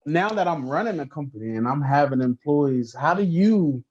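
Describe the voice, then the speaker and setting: A man hosting a podcast, chatting loosely and colloquially, acting out quick bits of dialogue in his stories. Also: a little high, lively intonation, darkish tone. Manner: loose, colloquial, acts out little voices in his anecdotes. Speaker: podcast host. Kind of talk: casual interview chat. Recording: dull lo-fi audio.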